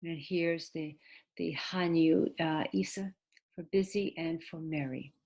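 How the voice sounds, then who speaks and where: A woman with a low-pitched, slightly mellow voice teaches English in a recorded video lesson. She explains patiently step by step, spells out letters, and pauses hesitantly with restarts.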